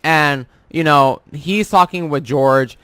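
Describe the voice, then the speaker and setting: Young male vlogger with a slightly high voice and a dry, close sound; rambling, profane storyteller. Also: takes it slowly, a bit bright, clear, resonant tone, dry recording. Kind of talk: casual rant about work.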